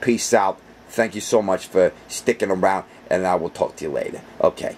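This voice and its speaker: A man voicing a small, foul-mouthed male teddy bear with anger issues, ranting in a comedic puppet vlog with a husky voice. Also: low-pitched, moderate pace, a little mellow. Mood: grumbling. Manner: ranting, vengeful, over-the-top.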